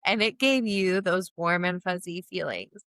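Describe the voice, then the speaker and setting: Woman podcast cohost, gets loud n excited, thinks out loud, dry sound. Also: on the low side, a little slow, no echo. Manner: animated and reflective, gets loud when excited. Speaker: podcast co-host. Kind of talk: casual chat.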